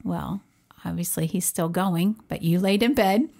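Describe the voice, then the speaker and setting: Animated woman telling a family story. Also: lowish voice, unhurried, vocal fry. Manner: animated storyteller, laughs often, acts out quotes. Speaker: podcast co-host, parent. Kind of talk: casual storytelling chat.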